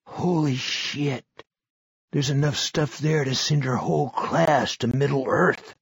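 A man voicing a crude, excitable male gang member with a raised voice. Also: mid-range voice, slow pace, husky, no echo, clean studio sound, pitched above the performer's own voice, exaggerated voice. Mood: amazed.

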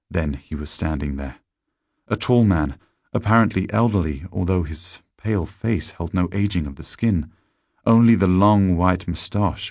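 A man giving a measured, dramatic reading of a gothic horror story. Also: deep voice, vocal fry, darkish tone, husky, no echo, clean studio sound.

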